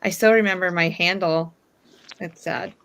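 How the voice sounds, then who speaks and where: A woman and mother chatting casually on a podcast, frank and quick to laugh. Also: lowish voice, fairly even intonation, creaky, a bit bright, clean tone. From northern US. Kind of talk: casual chat.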